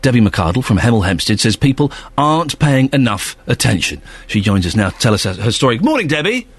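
Playful, husky-voiced radio host man. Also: mid-range voice, fast. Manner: playful, animated, jokey. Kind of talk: radio phone-in hosting.

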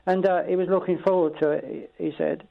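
A man's voice: high-pitched, fairly even intonation, a little fast, gravelly, crowd noise. A man calling a radio phone-in, talking in a hesitant, rambling way. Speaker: caller. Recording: muffled phone line.

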